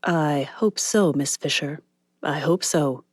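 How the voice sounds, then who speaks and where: A woman narrator voicing a reluctant young male film star who speaks quietly and hesitantly. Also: fairly high pitch, takes it slowly, no room sound. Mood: weary.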